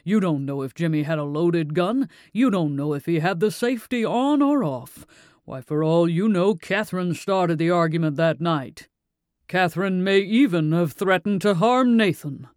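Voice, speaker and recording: A pushy, needling judge, put on by a man reading the story, pressing his questions in a raised, slightly higher voice. The sound is close and dry, with a smooth, clear tone. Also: animated, normal speed, a little mellow, no echo. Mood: insistent. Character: pushy male judge cross-examining a police officer.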